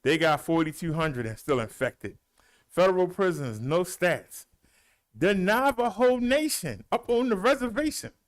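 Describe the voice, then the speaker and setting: A middle-aged man and show host, out of breath, reading out the day's figures in a folksy, animated way. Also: fairly high pitch. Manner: animated, rolls his R's, folksy drawl. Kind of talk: casual livestream talk, reading daily stats.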